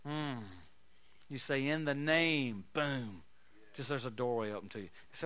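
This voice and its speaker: Bright-voiced animated male preacher. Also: mid-range voice, normal speed. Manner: animated, folksy, laughing storytelling. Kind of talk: sermon with storytelling.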